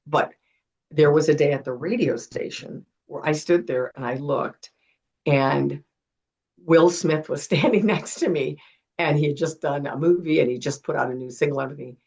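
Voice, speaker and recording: A middle-aged woman, a retired television producer, telling animated stories as a guest in a casual interview. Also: deep voice, gravelly, breathy edge, rough recording. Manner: animated storyteller acting out quotes.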